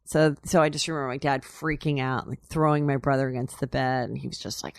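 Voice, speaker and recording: A woman's voice: deep voice, steady tone, brisk, few pauses, clear, resonant tone, no echo, clean studio sound. A woman talking as an interview guest, rambling and candid, full of "like" and "you know". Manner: chatty and candid, laughs while telling. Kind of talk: casual storytelling interview.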